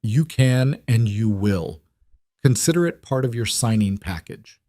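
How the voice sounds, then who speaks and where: A man voicing a powerful mafia boss who speaks in firm, commanding lines with a quietly gentle edge. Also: on the low side, expressive, a little fast, dry recording, clean studio sound.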